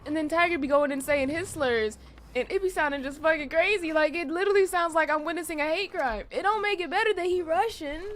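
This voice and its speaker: A young adult woman streaming a game, chatting casually with her viewers in animated, profane, slangy banter. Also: extremely high pitch, quick pace. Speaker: gaming streamer. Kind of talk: casual livestream chat while gaming.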